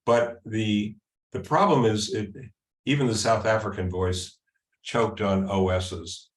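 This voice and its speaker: Guy with a lowish voice doing a loose screen-share demo, lots of ums, echoey room. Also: steady tone. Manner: halting, with frequent ums and restarts. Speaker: presenter at a user group meeting. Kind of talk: casual live software demo.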